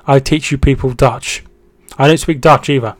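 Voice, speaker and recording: A man's voice: medium pitch, normal speed, no room sound. A young man hosting a casual football live stream, reading chat messages, thanking viewers and calling out match updates. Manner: reads chat aloud, thanks viewers, trails off and restarts; excited shouting at goals.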